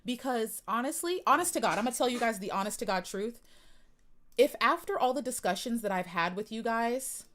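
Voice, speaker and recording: A woman's voice: on the high side, a bit bright. A young woman live-streaming an upset rant about pageant fans, near tears, with her voice rising and falling as she repeats herself.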